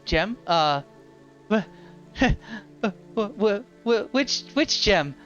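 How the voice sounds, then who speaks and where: Game master playing a halfling man, haggard, stammering, pleading, near tears, high strained voice, muffled sound, faint music. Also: expressive, very slow, fairly bright tone. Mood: nervous. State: on the verge of tears. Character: haggard ragged halfling man, desperate, nervous.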